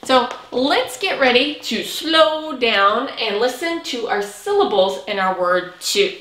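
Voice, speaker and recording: A woman teaching a preschool reading lesson, speaking cheerfully with drawn-out words and lots of praise. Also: a little high, lively intonation, a bit bright. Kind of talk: slow, sing-song lesson for young children. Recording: echoey room.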